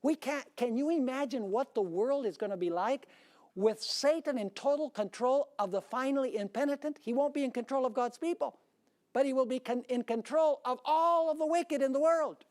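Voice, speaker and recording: A man's voice: very high voice, moderate pace, a little mellow. A male pastor delivering a sermon, preaching emphatically and often checking in with the congregation through rhetorical questions.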